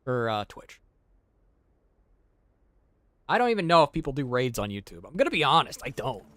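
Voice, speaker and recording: A man streaming a video game, talking casually to himself and his chat, jumping from mumbles to loud shouts. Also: medium pitch, very animated, moderate pace, a little hiss or hum. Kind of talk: casual gameplay commentary. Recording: game music playing behind the voice. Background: game music.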